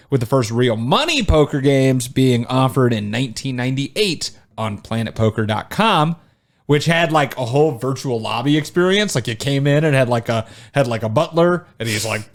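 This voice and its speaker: A man co-hosting a podcast in casual chat, relaxed and joking, often trailing off with fillers. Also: medium pitch. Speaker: podcast co-host.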